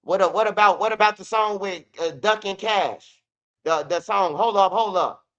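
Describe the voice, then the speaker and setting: A high-voiced man speaks at normal speed, his tone a bit bright, though the recording loses its highs. On his commentary channel he offers casual street news in a loose, profane rant, repeating himself and mocking rap lines.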